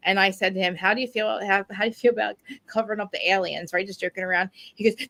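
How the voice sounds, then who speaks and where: Fast-talking, gravelly-voiced woman chatting. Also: medium pitch, rough recording. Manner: rambling, animated storytelling with many fillers. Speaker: podcast co-host. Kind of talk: casual chat.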